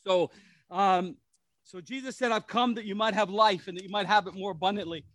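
A man's voice: sits high, fairly even intonation, brisk, fairly bright tone, dry recording. A middle-aged man preaching a sermon as pastor, conversational and rambling, with restarts and asides.

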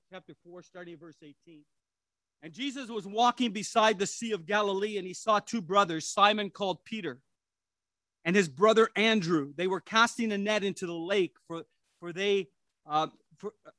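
Man, pastor, sermon, middle-aged, high voice, dry close sound, rambling and chatty. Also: pushed and bright, dry recording. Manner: conversational and rambling, with many restarts and asides.

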